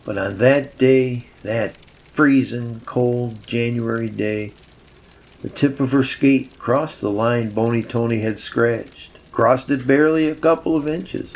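A man narrating a story with a measured, reflective telling. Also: medium pitch, gravelly, a little mellow, rough recording.

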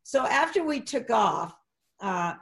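Speaking slowly with a gravelly texture, a middle-aged woman who works as both an actress and a flight attendant shares animated stories during an interview. Whenever she quotes someone, her voice leaps up high and excited, and she frequently starts her sentences over.

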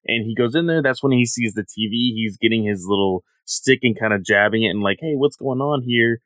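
A man's voice: on the low side, a little fast, fairly bright tone, dry recording. A man co-hosting a podcast, recapping a story in rambling casual chat with many fillers. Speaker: podcast co-host.

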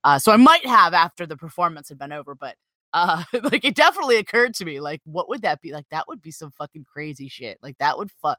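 A woman's voice: low voice, big pitch swings, quick pace, pushed and bright, dry recording. A woman chatting casually who fills every sentence with "like" and swears freely. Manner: loose, peppered with "like", swears freely. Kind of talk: casual chat.

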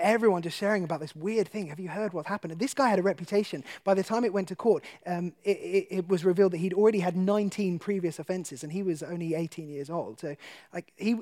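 A man with a notably high-pitched voice tells a personal testimony to an audience. He is animated and laughs easily. He turns quiet and low when the story grows tense. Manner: animated storyteller who laughs often and drops to a hush for tense moments. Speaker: guest speaker.

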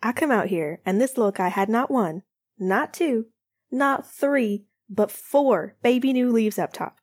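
A woman voicing an excitable young man, showing off a plant on a livestream with big playful gestures. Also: a little high, unhurried, no room sound, clean studio sound. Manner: animated, playful, over-the-top enthusiasm. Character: young man, hockey player, proud plant lover.

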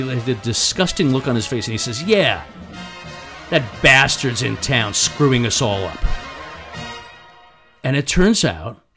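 Middle-aged male storyteller, mid-range voice, halting delivery with frequent restarts. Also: mid-range voice. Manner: halting, repeats and restarts words. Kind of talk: personal storytelling.

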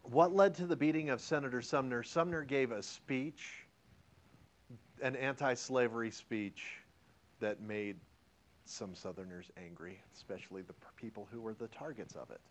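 A man's voice: mid-range voice, normal speed. A male history teacher lecturing a classroom, joking around and quizzing his students as he goes. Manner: animated, joking, and asks the class questions.

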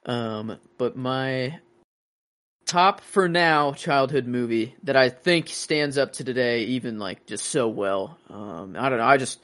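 A man's voice: mid-range voice, slow pace, fairly bright tone. A young man co-hosting a casual movie chat, rambling and enthusiastic, full of fillers and restarts. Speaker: podcast co-host.

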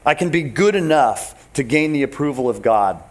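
A man preaching a sermon as pastor, animated and emphatic, talking straight to his congregation. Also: mid-range voice, moderate pace.

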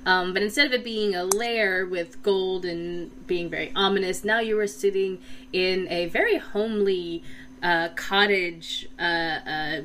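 A woman's voice: lowish voice, fairly bright tone, slight background noise. Laughing woman running a tabletop game. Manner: chatty, laughs often, many fillers. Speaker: dungeon master.

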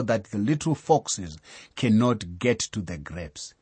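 A male preacher giving measured Bible teaching, telling a story and citing scripture verses. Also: fairly low pitch, sing-song, darkish tone, slightly rough, dry recording. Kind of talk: sermon-style Bible teaching.

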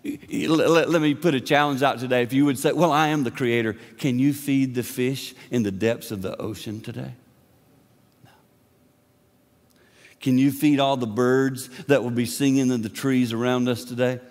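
A man preaching a sermon in an impassioned way, moving between booming lines and hushed asides. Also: fairly even intonation, moderate pace, long reverb tail. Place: church sanctuary.

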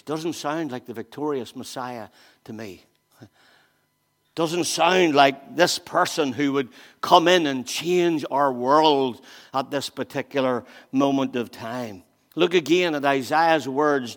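A man preaching a sermon, swinging between loud emphasis and hushed, slow phrases as he reads scripture aloud. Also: medium pitch, long reverb tail.

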